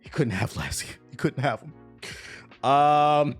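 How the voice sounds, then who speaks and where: A man's voice: fairly high pitch, unhurried, soft background music. A young man hosting a livestream in casual chat, joking, swearing and reading chat messages aloud. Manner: animated, joking, profane, reads chat aloud. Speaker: livestream host.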